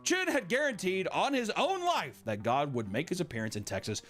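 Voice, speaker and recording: A man's voice: high-pitched, big pitch swings, a little fast, a bit bright, soft background music. A man telling a story to friends, reading it out and cutting in with jokes and mock voices. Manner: joking asides, mock voices for characters. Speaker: podcast host reading a story. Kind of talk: casual storytelling commentary.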